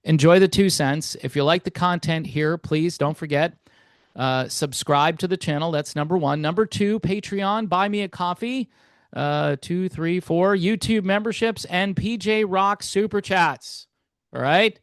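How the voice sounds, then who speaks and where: A man's voice: sits high, measured pace, smooth, dry recording. Guy ranting casually to his channel, lots of ums, pretty dry sound. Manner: opinionated, conversational, frequent fillers and repeats. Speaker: host. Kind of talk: casual commentary monologue.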